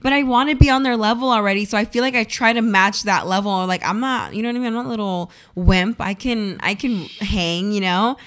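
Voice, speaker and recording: A woman's voice: medium pitch, brisk, hardly any pauses. A young adult woman co-hosting a morning radio show, telling stories in a casual, chatty way with lots of fillers. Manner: chatty, animated storytelling with many fillers. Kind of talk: casual chat. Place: radio studio.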